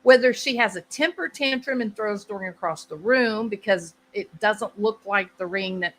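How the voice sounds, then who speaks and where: A woman's voice: mid-range voice, normal speed, fairly bright tone, a little hiss or hum, rough recording. A woman hosting her channel, explaining a topic in casual conversation and often checking in with the listener. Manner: conversational, repeats herself, asks "right?". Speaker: channel host.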